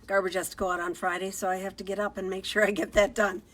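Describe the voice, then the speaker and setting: A woman's voice: medium pitch, flat delivery, fast, fairly bright tone. A cheerful, talkative middle-aged woman running a live card-making demo, recorded on a phone. She keeps an easy, upbeat chatter going, greeting viewers by name as she works. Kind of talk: casual live-stream craft demo.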